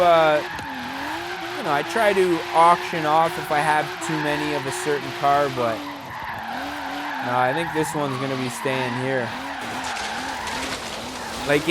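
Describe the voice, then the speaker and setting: A man casually commenting on his own racing gameplay, rambling and laid-back, full of fillers. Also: on the high side. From Canada. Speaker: gaming YouTuber. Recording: loud game car and tire noise under the voice.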